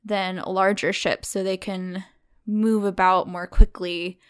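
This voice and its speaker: A woman's voice: mid-range voice, little pitch movement, slow pace, clear, resonant tone. A woman, telling a story as a podcast co-host in casual chat, with lots of fillers and laughs. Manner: chatty, laughs often, many fillers.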